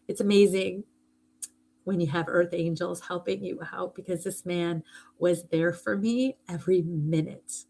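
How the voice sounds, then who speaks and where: Woman, middle-aged, low voice, casual rambling live-stream chat, heartfelt. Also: warm tone, a little hiss or hum. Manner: rambling and heartfelt, thanks viewers for gifts. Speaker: hypnotist hosting a live stream.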